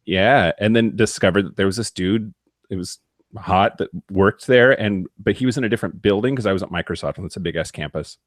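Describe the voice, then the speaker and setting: A man with a very low voice tells his story as a guest in a casual chat. The sound is dry and close. He talks candidly, in quick bursts. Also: no echo.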